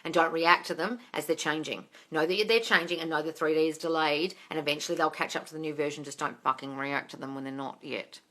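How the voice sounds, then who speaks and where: A woman's voice: low voice, steady tone, fast talker, few pauses, sharp tone. A woman hosting a casual live-stream Q&A. She reads out viewer comments, swears freely and calls listeners darling. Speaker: host of a manifesting Q&A live stream.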